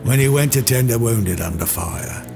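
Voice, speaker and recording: A man giving a theatrical poetry recitation, voicing a rough soldier with dropped g's and sudden loud shouts. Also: mid-range voice, expressive, moderate pace. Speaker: poetry reader. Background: music score.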